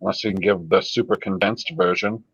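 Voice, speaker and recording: A man's voice: deep voice, steady tone, a little fast, husky, dry recording, muffled recording. A man hosting a live stream, reading viewer comments aloud in a casual, sardonic, profane way.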